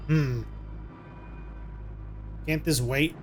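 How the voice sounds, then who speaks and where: A man's voice: fairly high pitch, steady tone, drawn-out words, faint music behind. A man voicing an irritable male captor who answers in a curt, annoyed way.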